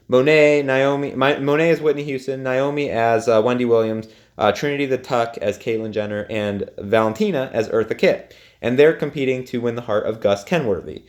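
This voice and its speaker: A young man talks through a TV episode recap in a loose, opinionated way. His voice sits at an ordinary middle pitch, and his speech is full of ums and likes as he gives his takes. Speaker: TV recap reviewer. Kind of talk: casual recap monologue.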